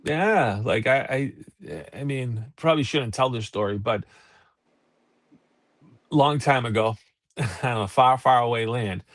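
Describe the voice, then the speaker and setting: Profane, animated man telling stories. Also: mid-range voice, unhurried, pauses often, dry recording, studio quality. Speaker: podcast co-host. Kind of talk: casual chat.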